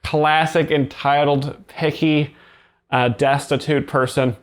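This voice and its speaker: A man hosting a show, explaining stand-up jokes in a flat, mock-serious commentary style. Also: fairly high pitch, takes it slowly. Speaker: joke explainer host. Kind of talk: deadpan commentary.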